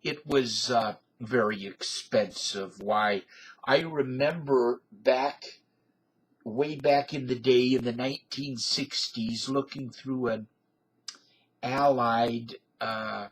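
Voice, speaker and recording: A man's voice: mid-range voice, fairly even intonation, slow pace, husky, rough recording. A man in his fifties with a folksy, digressive manner, talking to camera in a rambling casual monologue. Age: 50s. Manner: folksy, digressive, filler-heavy. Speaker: video blogger.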